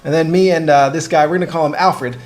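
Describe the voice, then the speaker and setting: A man's voice: fairly high pitch, fairly even intonation, fast. A young man chatting casually on a gaming show, telling a long dream story with laughs and restarts. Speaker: co-host of a game podcast.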